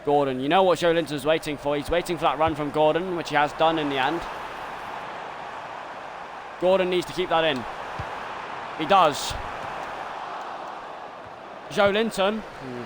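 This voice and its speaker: A young man streaming a football video game, giving his own excitable commentary that swings between frustrated rants and shouted goal calls. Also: on the high side, moderate pace, pauses often, background noise. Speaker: gaming streamer doing self-commentary.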